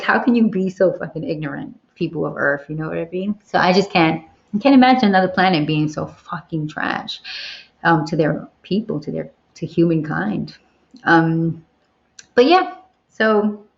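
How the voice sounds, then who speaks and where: A woman chats candidly on a livestream, swearing freely and getting animated. Her voice sits on the lower side. The audio sounds dull and lo-fi. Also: creaky. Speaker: livestream host. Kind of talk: casual livestream Q&A chat.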